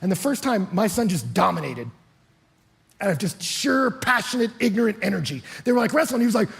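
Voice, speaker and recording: Middle-aged male pastor, preaches with animated storytelling, raised and slightly breathy voice. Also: sits high, a little fast. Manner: animated storytelling, acting out voices with big swings in loudness. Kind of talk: sermon.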